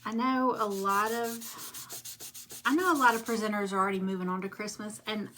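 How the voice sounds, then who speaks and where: A woman's voice: mid-range voice, a little fast, a bit bright, slight background noise. A middle-aged woman with a Southern US accent, chatting in a rambling way while she crafts live and greets viewers by name. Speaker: craft livestream host. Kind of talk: casual livestream chat while crafting.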